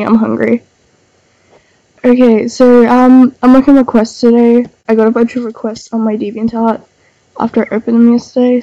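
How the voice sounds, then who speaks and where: A young woman from Australia, sick with a cold and sounding nasal and stuffy, chats casually on a livestream as she draws. Her voice is fairly high and warm. Captured on a desk microphone, the audio has no room sound and its highs are cut off.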